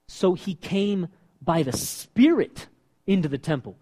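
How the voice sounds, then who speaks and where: A man preaching a sermon as pastor, animated and asking his listeners questions. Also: sits high, moderate pace. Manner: animated, asks the congregation questions. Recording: long reverb of a hall.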